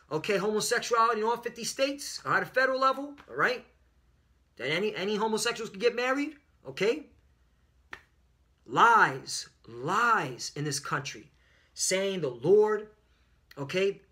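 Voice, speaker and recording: A man with a high-pitched, sharp, forceful voice giving an informal bible lesson. He talks emphatically and profanely, peppering his lines with checks on the listener, and slows right down when he reads verses aloud. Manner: reads scripture slowly and deliberately. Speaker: scripture teacher.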